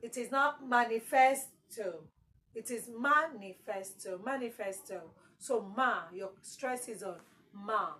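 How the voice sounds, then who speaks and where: A woman's voice: a little high, measured pace, pushed and bright, poor audio. A woman teaching an exam-prep English lesson, repeating key words for emphasis.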